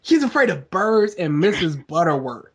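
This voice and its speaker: High, animated young man. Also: moderate pace, breathy edge. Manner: animated, playful, puts on silly voices. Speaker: podcast co-host. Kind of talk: casual storytelling.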